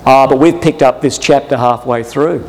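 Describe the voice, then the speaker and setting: A man preaching a Bible-school sermon, emphatic, moving between hushed asides and stirred outbursts. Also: mid-range voice, normal speed, in a large hall, poor audio.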